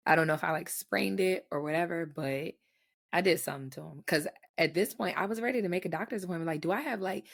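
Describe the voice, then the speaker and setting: A young woman co-hosts a casual podcast, her voice raspy and gravelly from recent voice loss. She sits a touch low in pitch and tells stories with loose, lively slang. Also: quick pace. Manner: animated, laughing, slangy storytelling. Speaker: podcast co-host. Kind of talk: casual chat.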